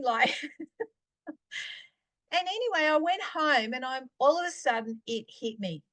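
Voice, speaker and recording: A middle-aged woman, sharing a faith testimony in a chatty, animated storytelling way. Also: high-pitched, a little slow, pauses often. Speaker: podcast host.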